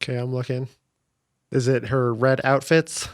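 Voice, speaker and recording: A man's voice: mid-range voice, flat delivery, normal speed, no echo, clean studio sound. A man co-hosting a podcast, chatting casually about a movie with brief agreeing replies. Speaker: podcast co-host.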